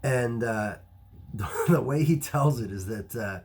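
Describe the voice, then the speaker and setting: A man who runs a martial arts gym, telling a story to camera in a casual, animated way, full of restarts and fillers. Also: mid-range voice, measured pace, slightly rough. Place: Ohio.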